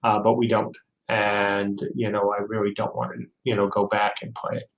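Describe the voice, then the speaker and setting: A man's voice: fairly low pitch, little pitch movement, moderate pace, vocal fry, narrow, tinny audio. An older man hosting a casual livestream Q&A, reading viewer questions aloud and answering with rambling anecdotes. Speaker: game studio head hosting a livestream. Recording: roomy echo.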